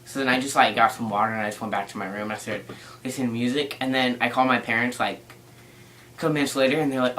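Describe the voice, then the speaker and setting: A man's voice: mid-range voice, fairly even intonation, quick pace, a bit bright, a little hiss or hum, rough recording. Rambling teenage boy vlogging. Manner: rambling, lots of "like", playful. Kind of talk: casual rambling vlog.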